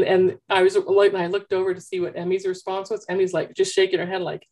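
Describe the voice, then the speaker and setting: A woman coach talking with parents in an animated, chatty storytelling way, through a headphone mic. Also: medium pitch, moderate pace. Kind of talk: consultation with parents.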